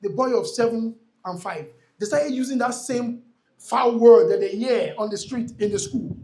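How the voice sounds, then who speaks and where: Warm in tone yet very high-pitched, a man addresses a live real estate event audience in an event hall at a moderate pace. His motivational talk is emphatic and repetitive, with frequent call-outs to the crowd.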